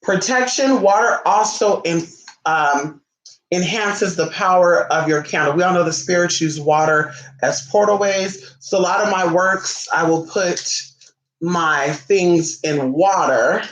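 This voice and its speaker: Speaking high and unhurried with a fairly bright tone, this man hosts a live-stream ritual tutorial. He's flamboyant and sassy, calls people honey, and chats back to his viewers' comments in an echoey room.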